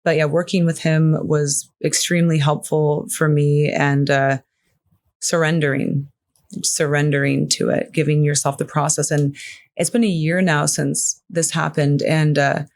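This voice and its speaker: A woman's voice: low-pitched, flat delivery, a little slow, a little mellow. A woman guest on a podcast, speaking frankly and earnestly in casual conversation and often saying "you know.". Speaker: podcast guest, grief counselor.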